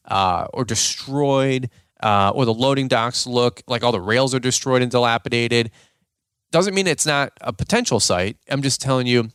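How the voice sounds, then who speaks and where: Casting note: male host, blunt and animated, smooth clear voice, dry close recording. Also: medium pitch, dry recording. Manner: blunt, animated, repeats points with fillers. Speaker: podcast host, lawn business owner. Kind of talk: casual advice talk.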